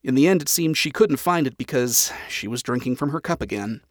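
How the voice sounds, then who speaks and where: A man narrates a story aloud in an even, dryly expressive reading. His voice sits in a middle pitch. The recording is close and dry, with no room sound. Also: a little fast, no room sound.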